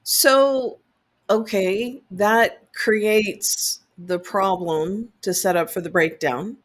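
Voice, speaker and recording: A woman hosting a podcast who calmly sums up and asks her guest questions. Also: mid-range voice, very slow. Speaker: podcast host. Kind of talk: interviewing a guest.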